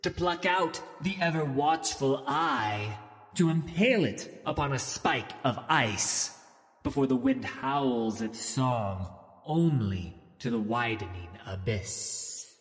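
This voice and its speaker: A man doing a hushed, ominous ice witch. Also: medium pitch, sing-song, slow, vocal fry, big-room sound, faint music behind, voice pushed up, heavily acted. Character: prophetic female ice witch, dark and ominous.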